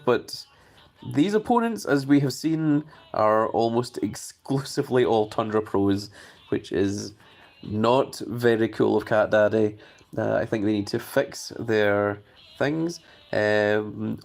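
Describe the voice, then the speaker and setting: A man's voice: mid-range voice, vocal fry. A man hosting a live stream, chatting casually and reading viewer messages aloud.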